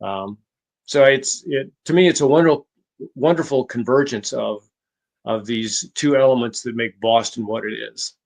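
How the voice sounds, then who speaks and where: A man appearing as an author guest on an interview show, telling stories in a measured way that often halts and restarts. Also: medium pitch, creaky, darkish tone. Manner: measured, halting with frequent restarts. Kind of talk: conversational storytelling.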